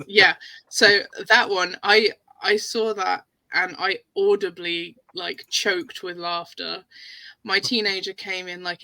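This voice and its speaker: A British woman with a crisp, bright voice banters playfully on a live stream, quick to tease and to laugh. The sound is close and dry. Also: lowish voice, level tone, dry recording, rough recording. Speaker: podcast guest. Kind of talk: casual chat on a stream.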